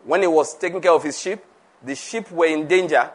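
Guy preaching to his church, kinda high voice, laughs a lot, keeps checking in with the crowd. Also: brisk. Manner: laughs often, repeats and restarts, asks the audience questions. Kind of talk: conversational sermon.

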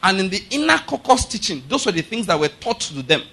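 A man's voice: high-pitched, very animated, a little fast, vocal fry, bright, forceful tone. A middle-aged male pastor preaching a sermon, emphatic and often checking with his congregation through rhetorical questions.

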